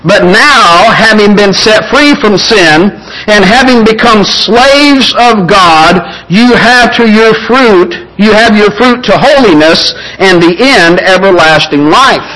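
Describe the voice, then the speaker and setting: A man preaching a sermon, measured and emphatic, slowing down to stress key phrases. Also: high voice, animated, sharp tone, low-quality recording.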